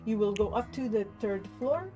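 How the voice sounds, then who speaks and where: A woman voicing a fawning, obsequious male elven concierge with a put-on French accent, full of drawn-out hesitations. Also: fairly high pitch, lively intonation, music in the background, close to an everyday voice. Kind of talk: tabletop role-play voicing.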